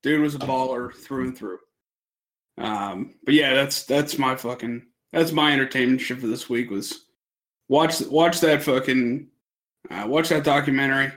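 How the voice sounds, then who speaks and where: A man's voice: medium pitch, unhurried, a bit bright. A young man telling a long story on a casual podcast, rambling, swearing a lot and laughing as he goes. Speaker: podcast co-host.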